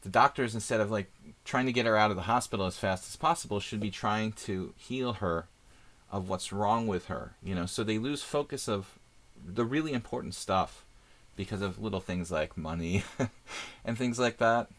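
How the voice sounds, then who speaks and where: A man's voice: on the low side, normal speed, fairly bright tone. A middle-aged man streaming chess, chatting casually and thinking aloud about his moves with lots of fillers. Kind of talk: casual live-stream chat while playing.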